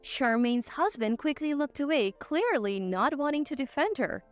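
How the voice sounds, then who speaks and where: A woman narrating a family drama story in the first person, in a steady storytelling manner. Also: high voice, normal speed, faint music behind.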